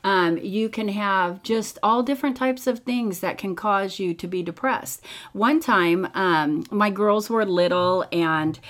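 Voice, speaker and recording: A woman's voice: medium pitch, unhurried. A middle-aged woman hosting a podcast and teaching in a chatty, storytelling way with many fillers. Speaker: podcast host and Bible teacher. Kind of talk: casual teaching talk.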